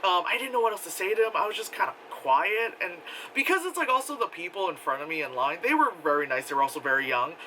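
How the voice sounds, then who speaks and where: A man's voice: quick pace, a little hiss or hum, rough recording. A man vlogging a casual convention recap, rambling and swearing freely, laughing often and acting out what people said in a raised voice. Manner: animated, acts out quotes in a high voice, laughs often.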